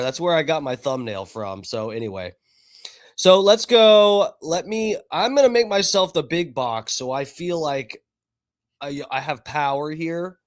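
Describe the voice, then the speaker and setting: Man, live stream host, casual profane commentary, fairly high-pitched. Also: measured pace. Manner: chatty, profane, talks to chat. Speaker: livestream host.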